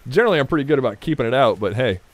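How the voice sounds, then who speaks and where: A man's voice: mid-range voice, animated, very fast, no room sound. A man doing loose, chatty commentary over a video game in a middle-of-the-road voice. He laughs easily, teases the characters on screen, and drifts into offhand asides between bursts of action. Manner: jokey, rambling, talks to the game, laughs often. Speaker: let's play gamer. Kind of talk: gameplay commentary.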